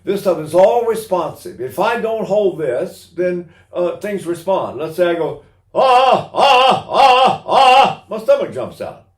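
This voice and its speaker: A man's voice: high voice, sing-song, normal speed, mellow. An older man teaching singing technique, talking animatedly and breaking into short sung vowels and laughs to demonstrate. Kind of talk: singing lesson with sung examples. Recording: roomy echo.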